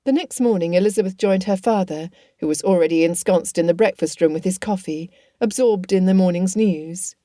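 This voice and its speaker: A woman narrating a period novel audiobook in a measured storytelling manner. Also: on the low side, dark tone, dry recording, clean studio sound.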